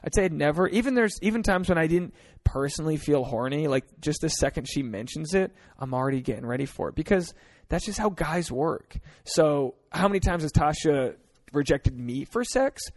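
A man's voice: on the high side, animated, moderate pace, darkish tone. A man from Rhode Island hosting a comedic advice podcast, talking in a blunt, crude, joking way and acting out little scenes. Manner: blunt, crude, jokey, acts out voices. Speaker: podcast host.

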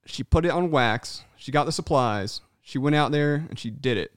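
A man co-hosting a casual podcast, animated and swearing freely, acting out people's voices when he tells stories. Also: medium pitch, normal speed, no room sound, clean studio sound. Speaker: podcast co-host.

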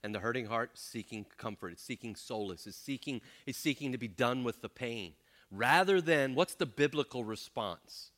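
Animated man teaching a Bible class. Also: medium pitch, normal speed. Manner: animated, acts out complaints in voices.

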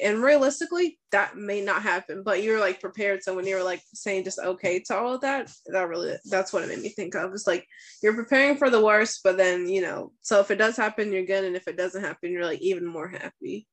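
A woman host keeps the conversation easygoing and chatty, leaning on "like" as she talks. Her voice has an everyday middle pitch. She sounds relaxed and conversational throughout. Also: fairly quick. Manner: relaxed and chatty, many "like" fillers. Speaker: podcast host. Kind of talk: casual interview chat.

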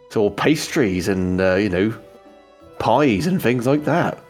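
A man's voice: on the low side, animated, measured pace, soft background music. Mild grey halfling doctor, done by a man, chatty and curious. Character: older halfling male surgeon, mild and curious.

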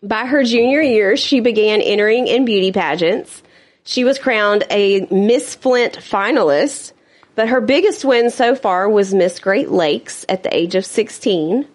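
A woman's voice: mid-range voice, measured pace. A woman co-hosting a true-crime podcast, chatting casually, laughing often and tossing in blunt asides. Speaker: podcast co-host.

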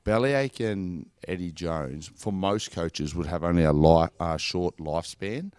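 Laid-back Australian man, very low voice. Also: unhurried, a little mellow, clear, resonant tone, no room sound, studio quality. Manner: laid-back storytelling, lots of "like" and "mate". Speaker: former professional footballer guest. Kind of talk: casual podcast chat.

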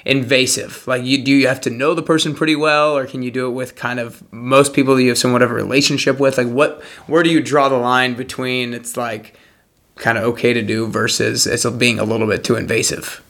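A man's voice: medium pitch, little pitch movement, a little fast, a bit bright. A man hosting a podcast who asks questions casually, hunting for words with lots of "like"s. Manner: hesitant, searching phrasing with many "like"s. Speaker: podcast host.

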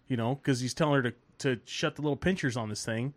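A man on a casual podcast telling a long story, animated and swearing, laughing as he acts out the people in it. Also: mid-range voice, fast. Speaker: podcast host.

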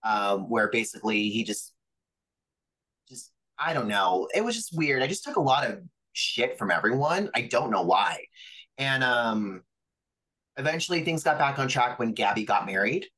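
Male wrestler guest, chatty storyteller, bright edge to the voice, average pitch. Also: sing-song, normal speed, poor audio. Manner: chatty, lots of fillers and quoted dialogue. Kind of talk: casual storytelling interview.

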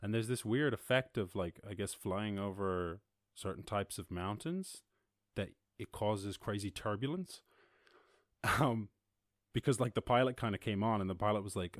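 A man hosting a podcast, telling a rambling, animated story in a casual monologue. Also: moderate pace, dry recording, clean studio sound. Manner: rambling, animated, mimics others in high voices. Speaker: podcast host.

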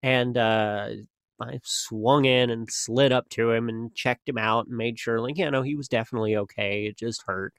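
A man's voice: mid-range voice, fairly even intonation, normal speed, a bit bright, smooth, no room sound, studio quality. Rambling young man in casual chat. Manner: rambling, many fillers and restarts. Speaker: podcast co-host.

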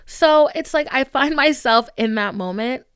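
A young woman hosting a solo podcast, talking candidly in an animated, profane, playfully dramatic way. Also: high-pitched, unhurried, very noisy. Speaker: podcast host.

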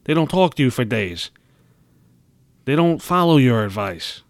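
A man's voice: medium pitch, big pitch swings, unhurried, no echo. A young man hosting his own podcast, venting in a casual, heated, profanity-laden rant. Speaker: podcast host.

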